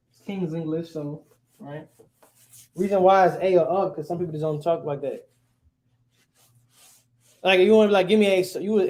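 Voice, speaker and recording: A man's voice: fairly high pitch, darkish tone. A man teaching a class in a casual, conversational way, often checking in with the students. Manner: casual, keeps checking with "right?". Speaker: language teacher.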